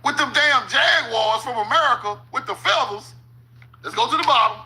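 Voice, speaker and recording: A man's voice: extremely high pitch, moderate pace, pushed and bright, faint music behind, low-quality recording. A man giving casual, profane commentary while reading maps aloud, often stopping with "hold on" and laughing at his own points. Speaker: channel host.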